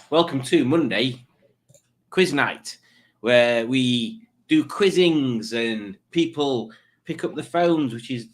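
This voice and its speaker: Rambling, jokey man hosting a quiz. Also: mid-range voice. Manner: rambling, self-mocking, jokey asides. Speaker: quiz show host. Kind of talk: casual live-stream chat.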